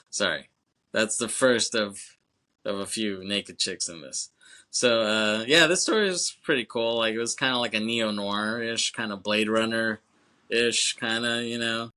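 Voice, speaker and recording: On a podcast, this co-host rambles through a film's story, tossing in fillers and performed lines of dialogue while cursing and laughing frequently. His voice sits on the low side and has a sharp edge.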